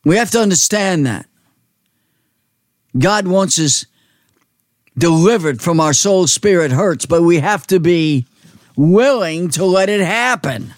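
A man preaching a sermon, slow and emphatic, repeating phrases for weight. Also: high-pitched, animated, no echo, clean studio sound.

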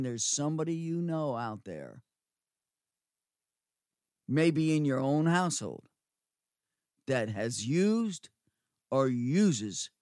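A middle-aged man preaching a sermon, slowly repeating phrases for emphasis and swinging between loud and quiet. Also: mid-range voice, no room sound, clean studio sound. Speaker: preacher, former nursing home chaplain.

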